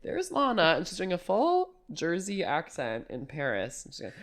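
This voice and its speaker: A man's voice: sits high, wildly swooping pitch, normal speed, fairly bright tone. A man co-hosting a podcast, chatting casually and joking playfully about a film. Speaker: podcast co-host. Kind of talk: casual chat.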